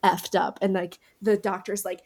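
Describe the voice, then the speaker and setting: A woman's voice: mid-range voice, little pitch movement, normal speed, darkish tone. A woman casually retelling a film's plot on a podcast, breezy and filled with "like". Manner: breezy storytelling, many "like" fillers. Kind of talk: casual movie recap chat.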